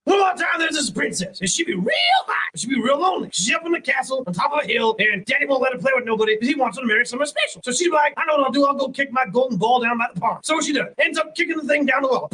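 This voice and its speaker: A man voicing a manic puppet storyteller who yells a fairy tale in rambling, broken grammar. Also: very high voice, lively intonation, very fast, hardly any pauses, full character voice, poor audio. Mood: frantic. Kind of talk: comic puppet video narration.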